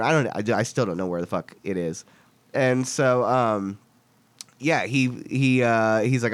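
In a casual chat, a young Texan man tells a story a little slowly at a medium pitch, animated and swearing as he acts out the voices of the people in it. The recording is dry.

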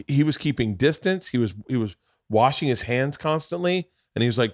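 A man's voice: on the low side, fast talker, no room sound, clean studio sound. A man hosting a podcast, telling a long rambling story in casual chat, swearing freely. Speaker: podcast host.

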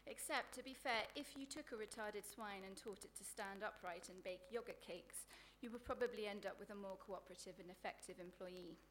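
A woman reads her own comic prose at a live book event, with a faint hiss behind her. Her delivery is sardonic and deadpan, and she lands crude insults with dry relish. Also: medium pitch, fairly quick, hardly any pauses. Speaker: author reading her work.

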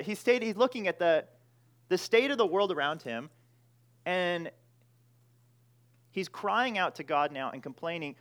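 A man with a slightly high voice leads a sermon. He moves from a hushed prayer to loose, chatty teaching, with frequent restarts and small jokes. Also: animated, moderate pace, long pauses. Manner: prays softly, then teaches in a casual, joking way with many restarts. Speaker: preacher.

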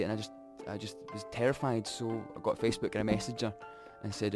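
A young Scottish man telling his own story candidly, reflective and halting, often restarting his sentences. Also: on the low side, little pitch movement, over music.

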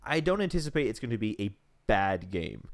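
A man's voice: fairly low pitch, very animated, brisk. A man co-hosting a casual chat show, making wry, dry remarks. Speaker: podcast co-host.

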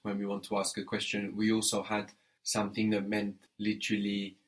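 A man's voice: fairly low pitch, completely flat delivery, brisk. A man teaching French in an audio lesson, patient and methodical, prompting the learner and spelling words letter by letter.

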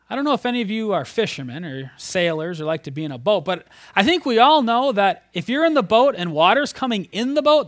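A man preaching a sermon, retelling a scripture story in a conversational, animated way, sometimes dropping almost to a whisper. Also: high-pitched, no room sound, clean studio sound.

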